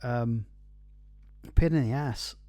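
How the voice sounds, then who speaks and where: A man's voice: mid-range voice, slow pace, mellow, no echo, soft background music. Sweary rambling Scottish man, dry sound. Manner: rambling, sweary, laughs at own jokes. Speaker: podcast host. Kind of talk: casual beer review monologue. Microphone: computer recording.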